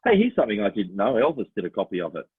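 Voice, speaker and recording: Racing along in a lowish, breathy voice, a middle-aged Australian man co-hosts a relaxed chat, spinning stories, laughing often and dropping into little voices. As a podcast co-host, he comes through with a tinny, phone-line sound.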